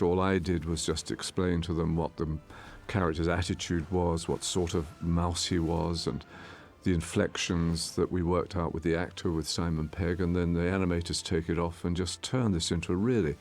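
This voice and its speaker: A man, the film's director, giving a measured, explanatory audio commentary with small restarts as he walks through scenes. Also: low-pitched, gravelly, a little mellow. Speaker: film director.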